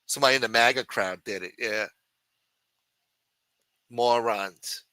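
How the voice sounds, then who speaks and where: A man's voice: mid-range voice, unhurried, pushed and bright, dry recording. Angry, cursing New man. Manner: angry, profane, combative. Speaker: podcast host. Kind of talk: profane political rant.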